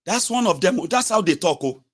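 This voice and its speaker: A man's voice: high voice, expressive, fairly quick, breathy edge. A Nigerian man with an accent mixing Yoruba and pidgin words, giving mocking political commentary full of exclamations and rhetorical questions.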